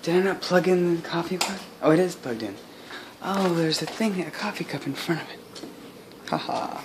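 A man's voice: fairly high pitch, normal speed, background noise. A man vlogging casually at home while making coffee, rambling with self-mocking, mumbled asides.

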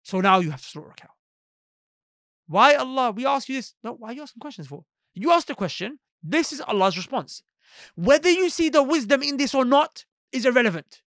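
A man's voice: extremely high pitch, fairly quick, no room sound, clean studio sound. A man giving a Quran lesson, acting out quoted voices and asking his listeners questions. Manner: animated, acts out quoted voices; asks the listeners rhetorical questions. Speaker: Islamic teacher.

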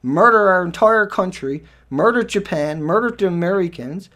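A man delivering an angry, profanity-filled rant over news headlines, swinging between shouts and low muttering. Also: expressive, moderate pace. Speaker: video commentator.

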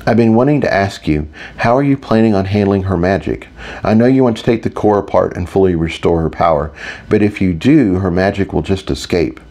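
A man voicing a confident, deadpan young woman mage in an audiobook. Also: sits low, brisk. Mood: calm. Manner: smooth, deadpan. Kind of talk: audiobook character voice.

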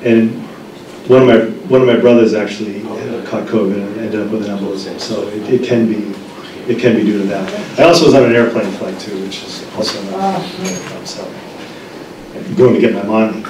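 A man's voice: on the low side, brisk, noisy background. A man in his fifties, a pharmacist, giving a humorous lecture full of personal stories, talking in a chatty way with restarts and ums. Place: library meeting room. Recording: echoey room, distant mic.

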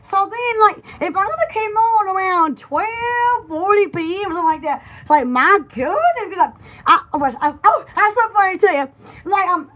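Very high-voiced excitable woman. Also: brisk. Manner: excitable, laughs often, repeats words. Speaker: co-host of a store livestream. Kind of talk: casual rambling chat.

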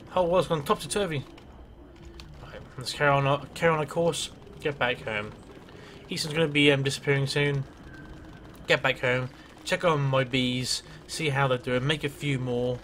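A man's voice: medium pitch, moderate pace, pauses often, a bit bright, a little hiss or hum. A man giving casual gameplay commentary as a let's play host, rambling, swearing freely and talking to himself.

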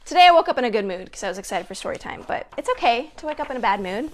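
A high-voiced woman running a children's story time from home, close to her own mic and camera. She is playful and chatty, calling out wiggles and talking straight to the young listeners. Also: big pitch swings, racing, few pauses. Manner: upbeat, playful, chatty, addresses kids directly. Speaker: family educator hosting story time.

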